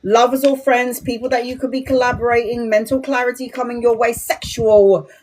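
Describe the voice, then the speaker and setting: A middle-aged woman giving a live tarot reading in a blunt, profane, animated way. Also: a little high, fast. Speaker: tarot reader.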